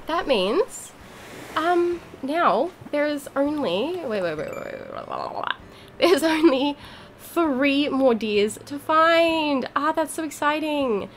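A woman giving casual gameplay commentary as a YouTuber, gushing, giggly and excitable, with mild swearing. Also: high-pitched, slight background noise. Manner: bubbly, giggly. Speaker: gaming YouTuber.

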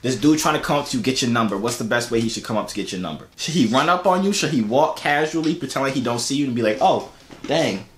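A man's voice: medium pitch, lively intonation, very fast, few pauses, fairly bright tone. A young man hosting casual video chats with strangers, slangy and teasing. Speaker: host. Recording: echoey, lightly noisy video-chat audio.

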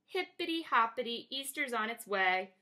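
A woman's voice: a little high, sing-song, moderate pace, pushed and bright, husky, heavily acted. A woman voicing a cheerful, bouncy male frog who sings in a storybook read-aloud. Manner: sing-song, upbeat.

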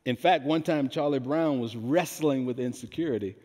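A man preaching a sermon, slow and emphatic, drawing answers from the congregation with questions. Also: medium pitch, a little mellow. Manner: slow, emphatic delivery with call-and-response questions. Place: large church hall. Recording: long hall reverb.

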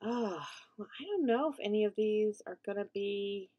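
A young woman giving chatty gameplay commentary as a let's play host, reacting loudly and laughing often. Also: mid-range voice, moderate pace, highs cut off.

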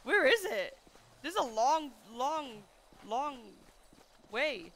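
A woman streaming a game roleplay, chatting excitably and calling out to her in-game dog while hunting. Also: high voice, slow pace.

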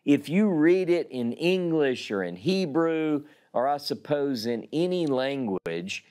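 A man teaching a Bible class, reading scripture aloud slowly and dramatically and explaining it. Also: fairly high pitch, expressive, a little mellow, clear, resonant tone.

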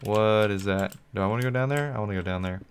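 A man's voice: fairly low pitch, fast, slight background noise. A man hosting his own gaming channel, giving solo gameplay commentary in a rambling, think-aloud way and talking to his viewers.

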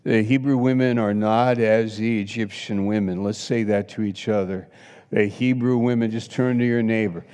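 A man pastor preaching a sermon with passion, swinging between loud exclamations and hushed asides. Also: lowish voice, steady tone, normal speed, smooth. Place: church sanctuary. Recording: long hall reverb.

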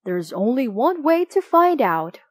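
A woman voicing a gentle bear father in a children's storybook, speaking plainly and calmly. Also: high-pitched, measured pace, dry recording, voice pushed up, full character voice. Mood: eager.

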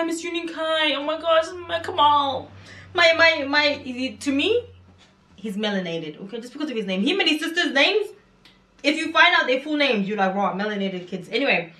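A woman hosting a reaction video, chatting excitedly and repeating words in quick bursts. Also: high voice. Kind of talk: casual reaction commentary. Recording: echoey room with music behind. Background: music video playing.

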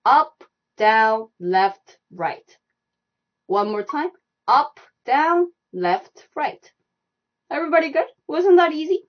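A woman with a Korean accent teaching a live online language class, repeating steps slowly and laughing often. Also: fairly high pitch, animated, highs cut off. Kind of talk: live-streamed language lesson.

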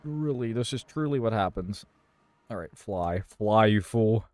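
A man's voice: fairly low pitch, lively intonation, a little slow, a little mellow. A man hosting his gaming channel, giving live gameplay commentary in an exasperated, self-talking way with mild cursing.

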